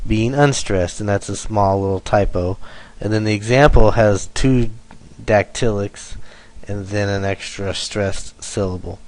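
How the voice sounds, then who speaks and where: Guy teacher going over slides, slow and patient, kinda low voice. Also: poor audio. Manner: patient, explains step by step, corrects himself.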